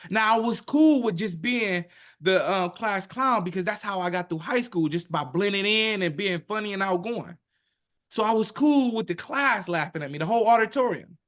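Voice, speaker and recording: A man in his thirties tells his own story as a podcast guest. He talks in an emphatic, animated way. He often slips into other people's words as he tells it. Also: high-pitched, moderate pace. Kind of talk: emotional personal storytelling.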